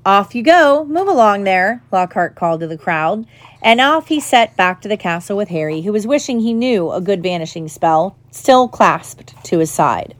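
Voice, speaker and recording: A woman's voice: lowish voice, lively intonation, moderate pace. Woman reading a storybook aloud. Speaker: audiobook reader. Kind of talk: storybook narration.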